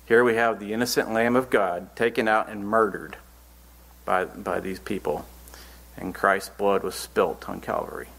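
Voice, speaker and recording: Man preaching, fairly low voice, reads verses then explains, earnest, plain delivery. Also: steady tone, normal speed, vocal fry, a bit bright. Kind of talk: Bible teaching sermon.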